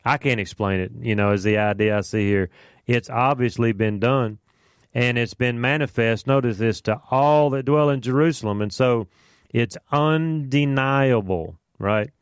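Smooth-voiced man teaching Bible study. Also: medium pitch, normal speed, no room sound, studio quality. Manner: conversational, with fillers and asides.

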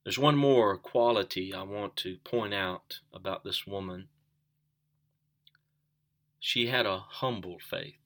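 A man's voice: fairly low pitch, bright, forceful tone. A man preaching a sermon, earnest, asking the listeners questions and repeating key phrases for emphasis.

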